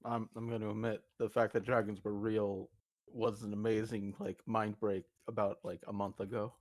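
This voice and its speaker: A man playing a tabletop game, speaking in character slowly and hesitantly with many pauses. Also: lowish voice, level tone, no echo. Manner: slow and hesitant, many uhs. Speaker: player.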